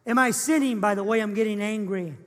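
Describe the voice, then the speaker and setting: A man's voice: high-pitched, a little fast. A man preaching a sermon as pastor in an earnest, emphatic, repetitive way. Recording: echoey church hall.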